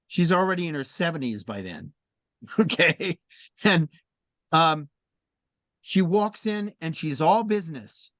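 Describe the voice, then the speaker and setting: Animated storytelling man, dry sound. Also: a little high, no room sound. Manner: animated, laughs often while telling stories. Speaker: speaker in a faith discussion. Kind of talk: conversational storytelling talk.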